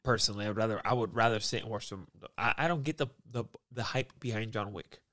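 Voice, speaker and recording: A man's voice: lowish voice, quick pace, fairly bright tone. A man in casual banter with a friend, teasing him and acting out both sides of an argument over texts. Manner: teasing, acts out both sides of a text exchange.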